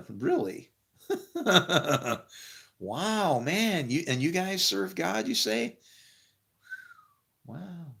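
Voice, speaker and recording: A man giving a rambling personal monologue, laughing often and trailing off into quiet mumbles. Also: a little high, very animated, extremely slow, vocal fry. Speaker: storyteller.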